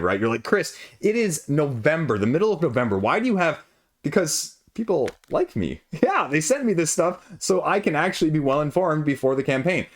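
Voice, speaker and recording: A man hosting his own board game channel, chatting casually through an unboxing in a rambling way and correcting himself as he goes. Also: medium pitch.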